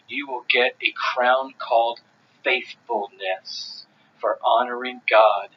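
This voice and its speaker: A man's voice: fairly high pitch, sharp tone, highs cut off. A man preaching a sermon, emphatic and driving, repeating phrases for stress. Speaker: pastor.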